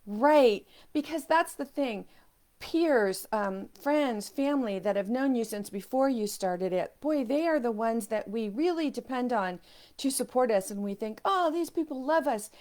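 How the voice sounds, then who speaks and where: A woman's voice: fairly high pitch, expressive, a little slow, darkish tone. Earnest woman coaching on self-worth. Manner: earnest, voices inner doubts in quoted asides. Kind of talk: motivational video talk.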